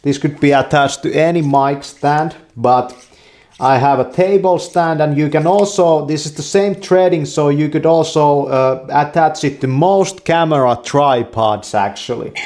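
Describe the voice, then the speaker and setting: Slow-talking man demoing a mic. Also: a little high. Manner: slow, relaxed, plainly explaining. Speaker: video creator demonstrating a microphone. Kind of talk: casual product demo.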